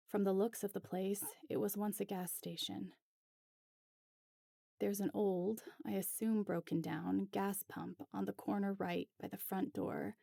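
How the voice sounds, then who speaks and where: A woman reading a story aloud as narrator in a measured, reflective way. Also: mid-range voice, vocal fry, warm tone, no echo, studio quality. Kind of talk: reading fan fiction aloud.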